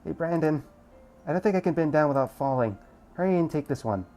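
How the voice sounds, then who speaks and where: A man squeaking as a bratty teen girl. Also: expressive, brisk, a little mellow, faint music behind. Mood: flustered angry. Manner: shrill squeaky outbursts.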